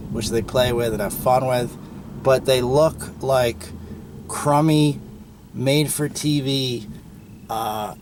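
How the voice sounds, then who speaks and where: A man's voice: medium pitch, slight background noise. Chatty male podcast host reviewing a film. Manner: opinionated, chatty, frequent ums and uhs. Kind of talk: casual movie review monologue.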